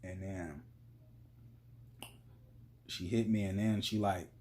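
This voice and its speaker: A man's voice: low-pitched, fairly even intonation, takes it slowly, warm tone. A man telling a story in a casual, blunt and profane monologue as a vlogger.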